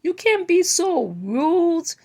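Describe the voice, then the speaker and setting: A high-pitched woman with a voice delivers a slow, deliberate commentary rant. She scolds with exasperation and circles back over her points, repeating words as she goes. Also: big pitch swings, mellow. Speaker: commentary vlogger.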